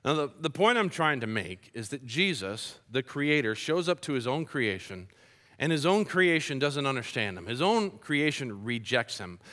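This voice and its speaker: A man's voice: mid-range voice, normal speed, big-room sound. A man preaching a sermon as pastor, telling stories with humorous asides. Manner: lively storytelling with humorous asides.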